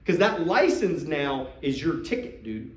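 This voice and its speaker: A man's voice: fairly high pitch, a little slow, roomy sound, distant mic, poor audio. A man coaching recruits in a live talk to a group, acting out sales dialogues. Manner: animated, acts out sales dialogues. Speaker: business trainer coaching recruits.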